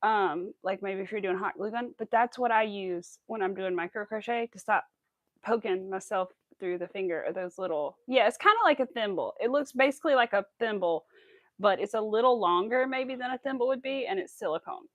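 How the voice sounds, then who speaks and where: A woman hosting a casual crochet livestream, chatting to her viewers as she works and cooing at her cat in a high baby voice. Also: brisk, fairly bright tone, no echo. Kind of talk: casual chat while crocheting.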